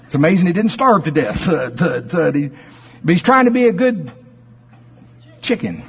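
Folksy preacher man with a husky voice. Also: fairly high pitch, normal speed. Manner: folksy, animated storyteller. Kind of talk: sermon with a folksy storytelling tone. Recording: dull sound with long hall reverb.

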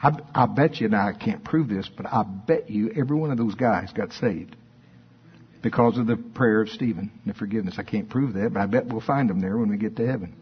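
Husky preacher man. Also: fairly quick. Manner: emphatic preaching, rising to high bursts then dropping low. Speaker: pastor. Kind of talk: sermon. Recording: dull lo-fi sermon recording.

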